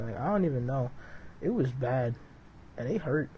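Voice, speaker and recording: A man's voice: mid-range voice, expressive, normal speed, dark tone, highs cut off, a little hiss or hum. A young man streaming a flight simulator, chatting to viewers in a loose, rambling way full of "dude" and "like", between flight checks. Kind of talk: casual live-stream chat.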